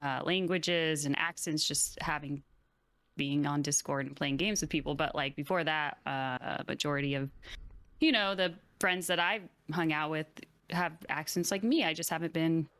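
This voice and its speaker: A woman chats on an online panel, talking herself down with easy humor. Her voice is bright and clear, a little low for a woman, and it sounds close and dry. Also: moderate pace, dry recording. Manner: chatty, self-deprecating. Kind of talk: casual online panel chat.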